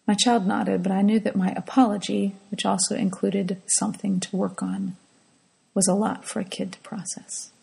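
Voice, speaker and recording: A middle-aged woman telling a personal devotional story in a soft, hushed way that often drops to a whisper. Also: mid-range voice, creaky, husky, poor audio.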